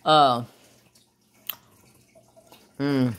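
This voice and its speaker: A man's voice: mid-range voice, steady tone, extremely slow, a bit bright, slight background noise. A man hosting a crafting channel, chatting casually while he works and often losing his train of thought.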